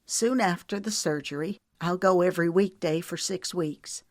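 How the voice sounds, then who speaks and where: A woman's voice: lowish voice, normal speed, no room sound, clean studio sound, lightly acted. Trembling frightened mother, as a woman narrator voices her. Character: frightened mother breaking hard news.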